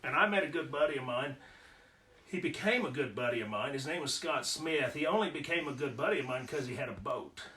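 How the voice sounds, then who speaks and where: A man's voice: medium pitch, lively intonation, a little fast, bright, forceful tone. A man telling personal stories in a casual, folksy way, with homespun humor. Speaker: storyteller. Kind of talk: casual spoken storytelling.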